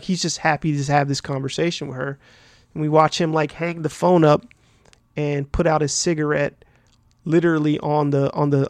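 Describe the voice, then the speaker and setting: A man's voice: fairly high pitch, no echo, clean studio sound. A man hosting a podcast, casually recapping a film plot in a rambling, profane way, full of fillers and "right?" tags. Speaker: podcast host.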